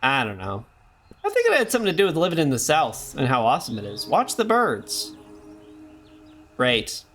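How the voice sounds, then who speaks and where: A man's voice: on the high side, wildly swooping pitch, normal speed, a bit bright, soft background music. A young man streaming a horror game live, joking and rambling as he reads the game's text aloud. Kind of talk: live gameplay commentary.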